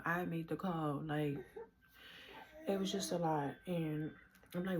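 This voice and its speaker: A woman's voice: low-pitched, steady tone, slow pace, long pauses, slight background noise. A woman in her twenties from the Bronx with a New York accent, telling her own story to camera in casual slangy talk. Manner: casual slangy talk, quoting others in voices, rising when heated.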